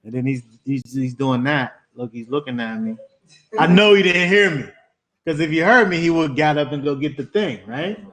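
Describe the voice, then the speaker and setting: A man's voice: on the high side, expressive, normal speed, a bit bright. A man teaching a Bible study to a small group, talking conversationally and repeating words as he builds emphasis.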